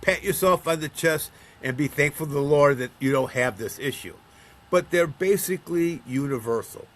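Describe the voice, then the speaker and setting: Fairly high, bright and expressive at a moderate pace, this man is a counselor of men from Buffalo, New York, middle-aged or older. Interviewed conversationally as a guest, he tells stories and performs the quoted voices of their characters.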